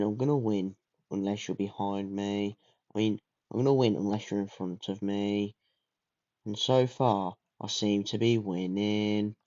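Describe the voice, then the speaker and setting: Low, mellow young man gaming. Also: no room sound, lo-fi sound. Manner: excitable, swearing, trash-talking. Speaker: gaming video creator. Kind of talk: casual gameplay commentary.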